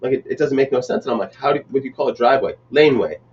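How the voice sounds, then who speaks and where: A man's voice: mid-range voice, distant mic, a little hiss or hum. A man chatting casually as a podcast host, tipsy, telling profane joking stories. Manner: fast, joking, profane storyteller. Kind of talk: casual chat. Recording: dull sound from off mic.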